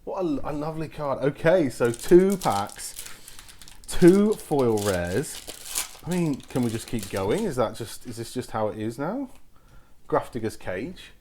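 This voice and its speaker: Man, excitable, exclaims at each pull, casual pack-opening commentary, lively swooping pitch, unhurried delivery. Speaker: host opening card packs.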